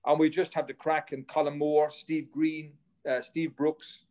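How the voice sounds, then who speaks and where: An Irish former runner appears as a podcast guest, telling rambling stories in casual conversation, swearing offhandedly and restarting his sentences. His voice is a little high and darkish, with a flat delivery and a slightly slow pace.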